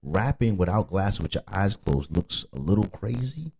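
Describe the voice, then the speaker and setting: Deep husky Detroit man rambling on a podcast. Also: normal speed, rough recording. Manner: animated, swears freely, repeats "you know what I mean". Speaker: podcast host. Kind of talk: casual podcast monologue.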